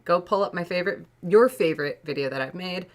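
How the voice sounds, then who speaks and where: A woman's voice: on the low side, fast. A woman in her late thirties chatting casually and rambling on a live art stream, laughing often. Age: late 30s. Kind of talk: casual live-stream chat while painting.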